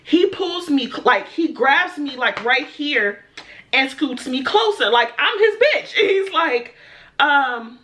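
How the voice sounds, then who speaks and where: High bright-voiced woman telling a story. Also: moderate pace. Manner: animated, laughing storyteller acting out quotes. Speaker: vlogger. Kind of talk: storytime rant.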